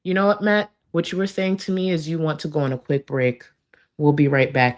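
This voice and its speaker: A woman with a low, deep voice talks through clips in reaction commentary. She is blunt and profane, and exasperation runs through her delivery. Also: steady tone, fairly quick.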